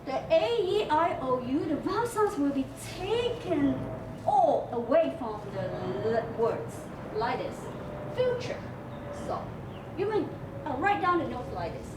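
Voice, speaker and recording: A woman teacher with a Hong Kong English accent, walking her students through a lesson. Her voice is high and sing-song, and she spells words out letter by letter. It was recorded in a school room from some distance off the mic, so the sound is echoey with a faint hiss. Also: big pitch swings, unhurried. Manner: explains step by step, spells out letters, many fillers. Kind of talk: recorded class lesson on campus TV.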